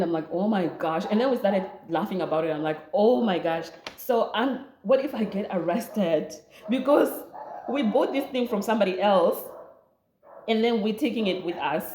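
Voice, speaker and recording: A young Namibian woman with a Namibian accent, telling a lively storytime vlog, laughing often and mixing in local words. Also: lowish voice, roomy sound. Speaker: vlogger. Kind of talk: storytime chat.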